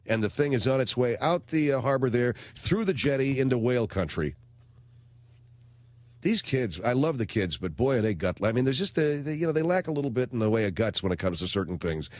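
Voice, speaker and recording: A man's voice: medium pitch, dry recording. A middle-aged man hosting a radio show, telling a rambling, sardonic comic story in a studio. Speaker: radio talk show host. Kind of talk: comedic radio monologue.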